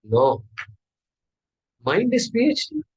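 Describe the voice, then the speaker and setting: A man's voice: high voice, slow pace, breathy edge, rough recording. A man giving a spiritual discourse as teacher, asking his listeners question after question. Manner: questioning, animated. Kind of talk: Vedanta discourse.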